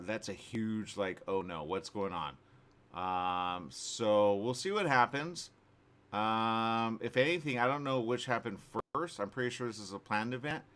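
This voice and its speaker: A man with a lowish, clear, resonant voice hosts a morning talk show in a radio studio. He chats casually and animatedly, rambling with many fillers and restarts.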